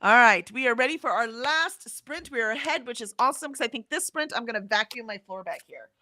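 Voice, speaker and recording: Bright-voiced chatty woman streamer. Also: fairly high pitch, animated, fairly quick, no room sound. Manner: reads chat comments aloud, chatty and laughing. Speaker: co-host of a livestream. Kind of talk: casual chat.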